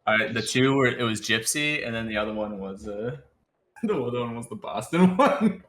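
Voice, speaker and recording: A man's voice: mid-range voice, animated, normal speed, fairly bright tone. A young man in a casual voice-chat game session, chatting loosely, swearing and joking with friends. Light noise hangs in the background. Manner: loose, swearing, laughing banter. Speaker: player.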